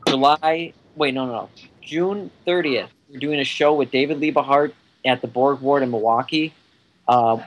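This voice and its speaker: A man's voice: medium pitch, poor audio. Joking, rambling man on a podcast. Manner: joking, rambling, laughs often. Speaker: podcast guest, event organizer. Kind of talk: casual podcast chat.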